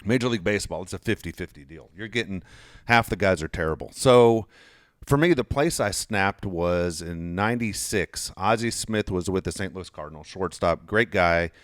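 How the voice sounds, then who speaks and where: A man in his fifties who worked in sports media hosts a podcast, telling stories casually in a low voice at normal speed. He swears plenty and gets animated, raising his voice when acting out arguments, with clean studio sound and no echo.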